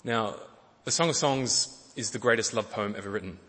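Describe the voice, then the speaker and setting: A middle-aged man preaching a sermon in a gentle way, often repeating words and using fillers. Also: fairly low pitch, normal speed. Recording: long hall reverb.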